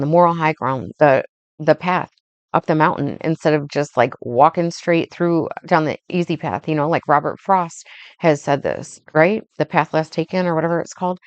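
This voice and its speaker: Young woman, low voice, dry close sound, scripture reading with rambling casual commentary. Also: dry recording, highs cut off. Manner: loose and conversational, heavy on fillers like "like" and "um". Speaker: podcast host reading and reflecting on scripture.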